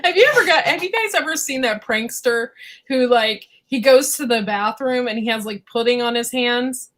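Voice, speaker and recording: A woman's voice: a little high, normal speed, a bit bright. A woman chatting and joking on a casual live stream, often putting on silly quoted voices. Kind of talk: casual chat.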